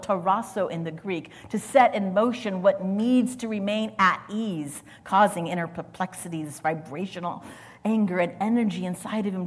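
Husky-voiced woman preaching in a reverberant hall. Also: lowish voice, animated, unhurried. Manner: dramatic, swinging from loud to near-whispered. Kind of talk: sermon.

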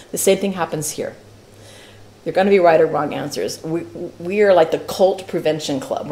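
A woman teaching a church Bible study class, talking in a lively, playful way with frequent laughs and asides. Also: on the low side.

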